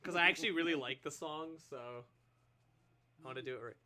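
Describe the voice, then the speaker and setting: A man streaming a game, chatting in an animated, goofy, casual way. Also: a little high, brisk. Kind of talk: casual livestream commentary.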